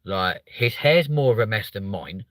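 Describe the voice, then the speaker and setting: A man's voice: on the low side, lively intonation, a little slow. A man from England hosting a live stream, chatting bluntly and swearing often while reading out viewer comments. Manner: blunt, sweary, reads chat aloud. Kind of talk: casual live stream chat.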